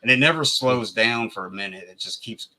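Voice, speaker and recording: Bright-voiced Kentucky man chatting about movies. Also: medium pitch, a little fast. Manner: rambling, full of "you know" and restarts. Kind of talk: casual movie chat.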